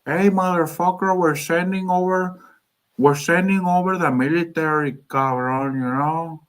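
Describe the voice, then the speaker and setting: A man's voice: on the high side, normal speed, a bit bright, voice pushed up. A man putting on the voice of a brash older politician, crude and swaggering in his threats. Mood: mocking threats.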